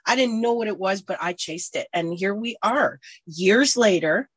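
A woman in her forties, blunt and profane, telling her own recovery story and swinging from hushed to loud. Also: mid-range voice, expressive, moderate pace, slightly rough, no room sound. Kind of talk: personal recovery testimony.

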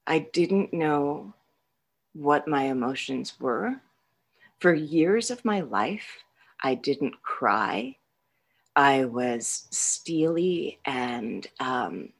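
A middle-aged woman candidly telling her own story in casual talk, self-mocking, laughing often, with many fillers and restarts. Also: deep voice. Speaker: guest sharing her recovery story.

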